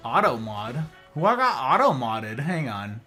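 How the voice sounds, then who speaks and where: At a measured pace and mid-range pitch, a male host chats with his livestream viewers. He's playful, animated and casual, responding to chat as faint music plays in the background.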